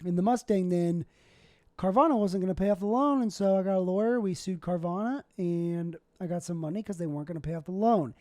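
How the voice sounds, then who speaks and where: A man's voice: sits high, fairly quick, mellow, no echo, studio quality. A young man, a stand-up comic, hosting a solo podcast in a rambling, self-deprecating way. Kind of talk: casual solo podcast monologue.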